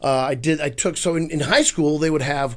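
A man's voice: a little high, fairly quick, fairly bright tone. A man from Missouri, an improv comedian and guest, telling rambling, self-deprecating stories in a casual interview chat. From Missouri, USA.

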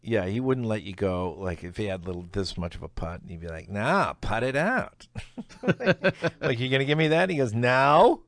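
A man's voice: lowish voice, brisk, creaky, few pauses, no room sound. A middle-aged man, a comedian guest, telling stories in a casual interview, acting out quotes and laughing as he talks. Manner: animated storyteller, acts out quotes, laughs mid-sentence.

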